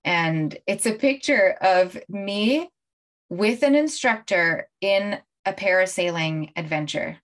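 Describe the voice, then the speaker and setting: A middle-aged woman coach talking casually on a livestream, animated and often laughing as she tells stories to viewers. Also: mid-range voice, slow pace. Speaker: life coach hosting a livestream. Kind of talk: casual live-stream talk to viewers.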